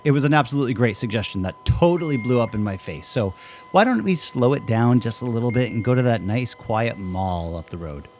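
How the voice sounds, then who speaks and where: A man hosting a video, asking a guest questions and narrating his own attempts in a wry, deadpan way. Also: mid-range voice, a little fast, soft background music. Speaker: host. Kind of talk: interviewing and vlog narration.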